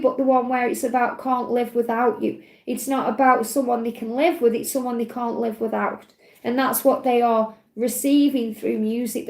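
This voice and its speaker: Woman, tarot reader, high voice, echoey room. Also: a little mellow. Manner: earnest, emotional, repeats "you know" and "okay". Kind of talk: live-streamed spiritual card reading.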